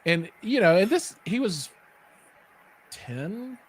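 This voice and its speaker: A man with a somewhat raised voice chats on a live show. He tells stories with energy, slipping into quick imitations of the people he quotes. His talk is loose and unscripted, full of fillers and restarts. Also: high voice, husky. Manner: animated storyteller, acts out quotes, many fillers. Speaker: podcast co-host. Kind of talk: casual live-stream chat.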